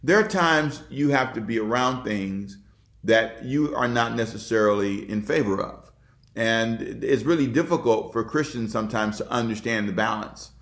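A man's voice: medium pitch, normal speed, a bit bright. Man preaching a sermon in an echoey room. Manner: expository preaching, reads scripture then repeats key lines for emphasis. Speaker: pastor.

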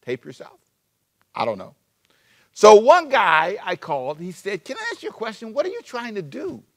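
A male pastor preaching a sermon, animated and repeating himself as he restarts phrases. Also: high-pitched, normal speed. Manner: animated preaching, sudden shifts between loud emphasis and soft asides.

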